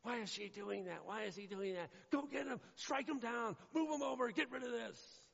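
A man voicing a frantic, panicky God who fusses over people and barks quick orders. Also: extremely high pitch, gravelly, a bit bright, breathy edge, pitched above the performer's own voice, exaggerated voice. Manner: fussy, rapid-fire frantic orders. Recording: echoey hall, dull lo-fi sound.

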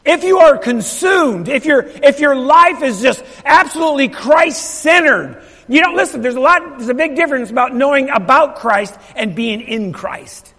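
A man's voice: extremely high pitch, lively intonation, moderate pace, a bit bright. A middle-aged male pastor telling a story in a sermon, emphatic and repeating his phrases while asking the congregation questions. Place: church sanctuary. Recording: long reverb of a large hall.

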